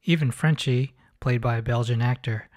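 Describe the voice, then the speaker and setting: A man's voice: mid-range voice, moderate pace, a little mellow. A man hosting a comedic movie commentary, mocking the film in a sarcastic tone. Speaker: host.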